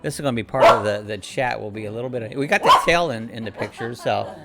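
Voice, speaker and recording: A man's voice: mid-range voice, quick pace, vocal fry, heavy background noise. A man hosting a casual live-stream chat from his home, rambling along and reading out viewer comments and greetings.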